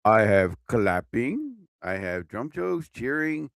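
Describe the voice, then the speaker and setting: A man's voice: lowish voice, big pitch swings, takes it slowly, gravelly, dry recording, clean studio sound. A young man hosting a casual live-stream show, rambling and joking, swearing often as he fumbles with his sound effects. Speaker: host.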